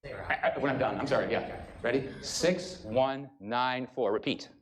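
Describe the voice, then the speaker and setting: A male professor giving a university lecture and explaining things briskly to his audience. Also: mid-range voice. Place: lecture hall.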